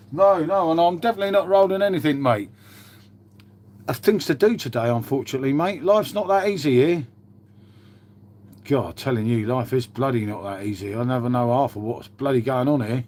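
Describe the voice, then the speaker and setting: Male streamer, slightly raised pitch, rambling chatter, casual swearing. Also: darkish tone, a little hiss or hum. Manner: rambling, laid-back, swears freely, says mate constantly. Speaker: livestreamer answering chat. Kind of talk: casual live-stream chat.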